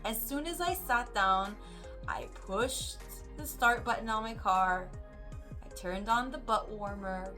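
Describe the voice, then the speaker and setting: A woman, a mother, casually telling a story to camera and animatedly acting out what others said. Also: mid-range voice. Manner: animated, acts out quoted voices. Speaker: mother vlogger.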